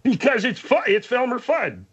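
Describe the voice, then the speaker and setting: A man's voice: extremely high pitch, very animated, normal speed, a bit bright, breathy edge, dull audio, pitched above the performer's own voice, exaggerated voice. A man voicing a brash male studio guest who argues and speaks with sloppy grammar. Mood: argumentative.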